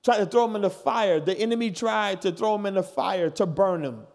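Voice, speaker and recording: A man's voice: high voice, a little fast, a little mellow. A pastor in his thirties preaching a sermon to his congregation in church, building from plain talk into hollering. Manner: talks straight to the congregation.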